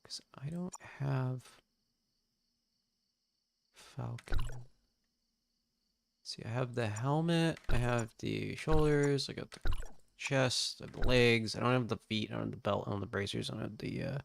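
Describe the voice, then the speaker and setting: A man streaming a game late at night, talking to himself in a relaxed, muttering way and sounding sleepy. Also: mid-range voice, normal speed, creaky, slight background noise. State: sleepy, yawning. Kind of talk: casual gameplay commentary.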